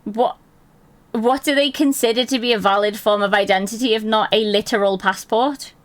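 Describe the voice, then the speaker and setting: A woman's voice: mid-range voice, steady tone, moderate pace. A woman streamer chatting casually with her viewers, answering chat aloud and swearing freely.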